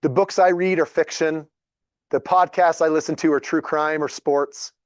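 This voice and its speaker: A man in his thirties tells stories to a group in a relaxed, animated way, often acting out what others said. His voice sits a little high for a man. The sound is dry and close, with no room echo. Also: normal speed, clean tone. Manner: animated, chatty, acts out dialogue. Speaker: real estate agent. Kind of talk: casual storytelling talk to a group.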